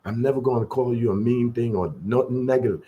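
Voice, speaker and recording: A man sharing a personal story, earnest and heartfelt, dramatizing it as he goes. His voice sits at a plain middle pitch. He talks at an easy conversational pace. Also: a little fast, narrow, tinny audio.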